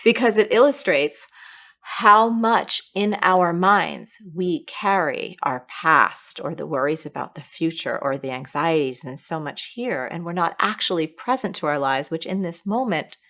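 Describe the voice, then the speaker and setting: A woman's voice: on the low side, measured pace, few pauses, a bit bright. A woman interviewer asking questions and reflecting on the answers.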